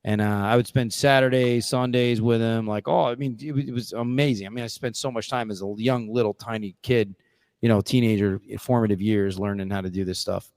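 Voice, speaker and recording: Male podcast host, low register, earnest rambling storyteller, dry studio sound. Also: steady tone, brisk, a little mellow, dry recording. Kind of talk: casual storytelling.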